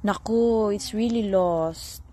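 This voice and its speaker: A woman's voice: slow, dark tone. A Filipino woman and mother mixing English with Cebuano, cooing at a stray cat in a sing-song voice and meowing at it during a family camping vlog. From Philippines. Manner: coos at a cat in a high sing-song voice with many meows. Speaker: family vlogger.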